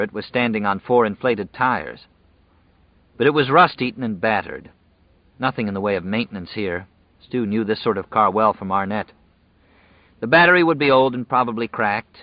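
Low-voiced male audiobook narrator. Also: no room sound. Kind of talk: scripted narration. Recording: dull dry lo-fi audio.

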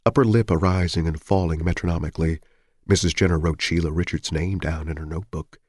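A man reading a novel aloud in a measured, somber narration. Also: deep voice, fairly even intonation, darkish tone, no room sound, clean studio sound. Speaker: audiobook narrator. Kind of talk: scripted narration.

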